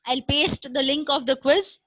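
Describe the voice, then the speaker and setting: A woman lectures an online class in a measured, explanatory way, pausing often with fillers. Her voice sits high and bright. The recording is dry and close on a computer mic. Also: dry recording, poor audio.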